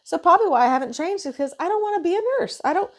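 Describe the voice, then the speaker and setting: A woman's voice: very high voice, rapid-fire. A woman nurse venting in a casual monologue, frustrated and swearing as she retells her shift. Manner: frustrated, profane, animated retelling.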